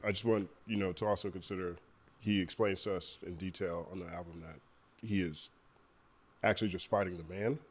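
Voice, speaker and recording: Low-voiced man teasing calmly. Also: a little fast. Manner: calm, teasing. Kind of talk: podcast discussion.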